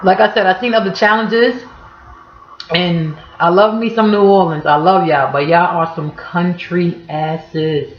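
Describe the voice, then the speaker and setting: A woman's voice: on the low side, steady tone, measured pace, a little hiss or hum. A woman with a Harlem, New York accent explaining local slang in a blunt, profane, playful way. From Harlem, New York City. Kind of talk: casual slang explainer vlog. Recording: echoey room, slightly dull audio.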